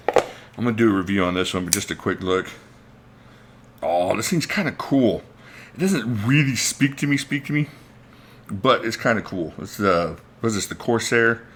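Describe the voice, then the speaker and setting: A man's voice: on the low side, a bit bright, a little hiss or hum. A man hosting a casual livestream, rambling and thinking aloud as he greets viewers by name. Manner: reads out viewer names mid-talk. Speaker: knife channel host.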